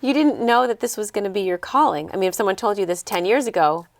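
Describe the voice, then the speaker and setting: A woman's voice: medium pitch, expressive, fast talker, dry recording. A woman hosting an interview, asking questions and giving brief encouraging replies. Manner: warm affirming listener, brief encouraging replies. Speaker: interview host. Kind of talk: casual interview talk.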